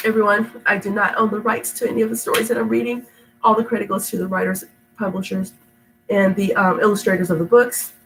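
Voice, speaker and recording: A middle-aged woman reads children's stories aloud at home while sounding sick and stuffed up. Between stories she rambles in an affectionate, chatty way and laughs easily. Her voice is middle-pitched, with a faint hum behind it. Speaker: storytime reader. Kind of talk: reading aloud to kids, then casual chat. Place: home indoors.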